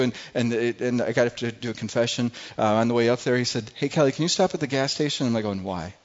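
A middle-aged man, a pastor, telling a personal testimony from the pulpit in a church, earnest and halting with frequent restarts. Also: medium pitch, fairly even intonation. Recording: dull lo-fi recording.

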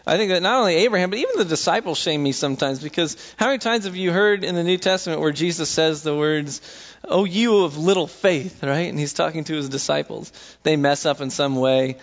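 Gravelly-voiced young man, casual faith talk. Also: a little high, fast, muffled recording. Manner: conversational storytelling, acts out quotes with voices. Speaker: speaker sharing faith reflections. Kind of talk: casual sermon-style talk.

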